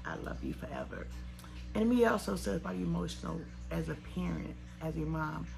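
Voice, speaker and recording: A woman's voice: deep voice, wildly swooping pitch, a little fast, vocal fry, a little mellow. A woman in her forties, a vlogger, talking in a heartfelt, tearful, chatty way. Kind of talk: emotional vlog. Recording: noisy handheld recording.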